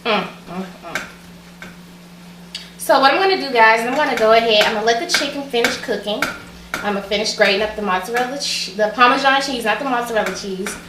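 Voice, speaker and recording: A chatty Southern woman with an Alabama accent and a fairly high voice talks her viewers through a recipe in her home kitchen. Her voice bounces around the echoey room from a few steps back off the mic. Food frying and sizzling in a pan runs behind her the whole time. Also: fast, far from the mic, background noise. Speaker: cooking vlogger. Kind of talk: casual cooking tutorial chat.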